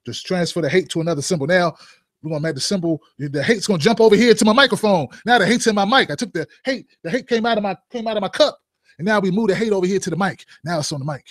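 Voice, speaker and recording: High-voiced man joking through commentary. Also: fast talker, dry recording, studio quality. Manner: joking, rhetorical questions, asides to viewers. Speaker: host of a commentary show. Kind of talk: opinion commentary vlog.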